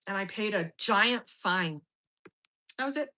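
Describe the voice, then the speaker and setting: A middle-aged woman with a bright, forceful voice talks through a personal story in a loose, casual monologue. She is blunt and swears freely as she goes. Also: mid-range voice, lively intonation, a little slow, rough recording. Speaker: host.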